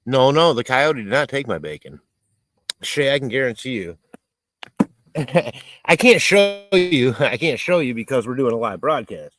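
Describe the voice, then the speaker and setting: A man's voice: mid-range voice, very animated, unhurried, a bit bright, a little hiss or hum, poor audio. A man hosting a casual live stream outdoors while cooking, rambling, swearing and reading chat messages aloud. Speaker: livestream host. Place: outdoors in a rural area.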